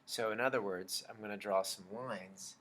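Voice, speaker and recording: A man teaching a children's music lesson, explaining slowly and patiently and chanting rhythm syllables. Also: lowish voice, fairly even intonation, a bit bright.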